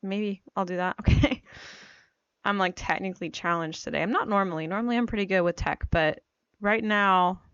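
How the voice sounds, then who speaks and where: A woman explains a writing method in a relaxed, rambling tutorial, filling her talk with "like" and "um" and joking about herself. She is getting over a cold, yet her voice stays smooth and clear. The recording is dry and a little dull in the highs, as from a new home microphone. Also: normal speed, dry recording. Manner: chatty, self-deprecating, many fillers. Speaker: writing coach. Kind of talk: casual screen-share tutorial.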